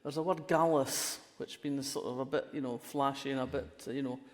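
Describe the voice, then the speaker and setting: A woman's voice: very deep voice, steady tone, fast talker. A woman in her sixties from Fife with a polished Scottish accent, a guest telling wry stories in a live stage conversation, with frequent restarts. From Fife, Scotland. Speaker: guest crime writer. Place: festival hall stage. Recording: long hall reverb, festival stage.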